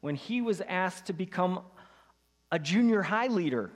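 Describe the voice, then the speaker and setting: A man serving as pastor, introducing a speaker at a service in a gentle, measured way, with soft trailing phrases. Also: high-pitched, animated. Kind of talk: sermon introduction. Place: church sanctuary. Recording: reverberant church sanctuary.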